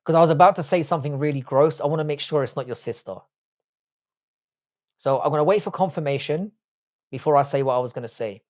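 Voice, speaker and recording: A young livestream host from England talks bluntly, swearing as he reads comments from viewers, in an English accent. His voice is on the high side and fast, broken up by long pauses.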